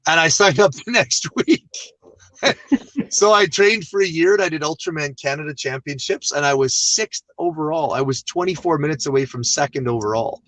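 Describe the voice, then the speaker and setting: A man, a guest on an interview show, telling a long personal story in a casual, animated and self-deprecating way. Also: fairly high pitch, fairly quick, dry recording.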